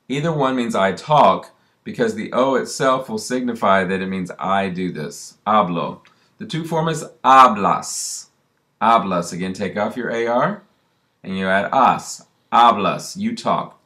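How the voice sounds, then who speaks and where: A man with a fairly low voice talks through a recorded language lesson. He is patient and steady, slowing down to repeat each drill word so learners can follow. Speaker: Spanish teacher. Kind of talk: recorded classroom lesson narration.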